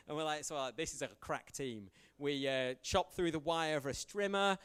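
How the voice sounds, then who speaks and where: A man's voice: on the high side, a little fast, hardly any pauses, smooth. A young man preaching a casual sermon, telling stories and acting out the dialogue in them. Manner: storytelling, animated, acts out quoted dialogue, self-deprecating. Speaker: youth pastor preaching. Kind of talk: conversational sermon with anecdotes.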